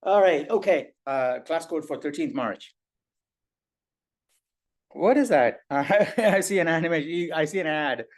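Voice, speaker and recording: Man, coding instructor, live online lesson, halting delivery, frequent ums, step-by-step guidance. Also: a little high, animated. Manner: halting, many fillers, guiding students step by step. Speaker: programming instructor.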